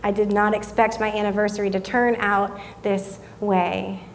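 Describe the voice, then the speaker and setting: A woman, giving a sermon as a guest speaker, telling a family story in a chatty, self-deprecating way and softening when she reflects. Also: medium pitch, little pitch movement, normal speed, a little hiss or hum. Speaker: guest speaker at a young adult service.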